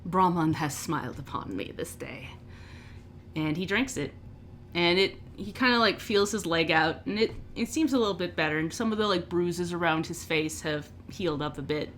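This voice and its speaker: A woman narrating a tabletop game as game master, relaxed, with frequent restarts. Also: lowish voice, normal speed, a little hiss or hum.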